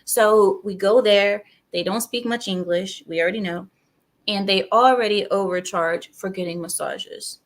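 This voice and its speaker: A woman's voice: medium pitch, measured pace. A woman from outside America hosting a channel, ranting in casual commentary and speaking straight to her viewers. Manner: animated, ranting, asides to viewers. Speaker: channel host.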